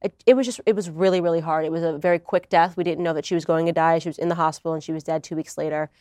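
A woman's voice: low voice, fairly even intonation, racing, darkish tone, no echo, studio quality. A woman from the United States, a guest in a conversational interview, talking in a confident, earnest and reflective way.

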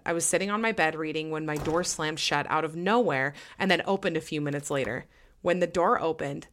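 Low-voiced woman podcast host, excitable. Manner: excitable, heavy use of "like". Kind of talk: casual chat, reading listener stories aloud.

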